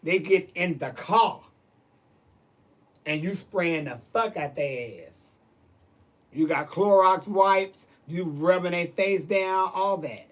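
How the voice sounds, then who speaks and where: A man's voice: high voice, animated, takes it slowly. A man ranting in a casual monologue, sassy and emphatic, with plenty of swearing and terms of address like "baby" and "honey". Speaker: vlogger.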